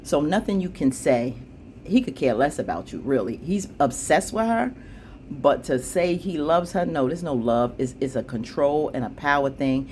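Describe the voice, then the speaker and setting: A woman casually recapping a TV episode, chatty, with plenty of asides, acting out the characters' lines with jumps in pitch. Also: animated, normal speed, a little mellow, slight background noise. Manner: chatty, frequent fillers and asides. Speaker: TV show recap vlogger.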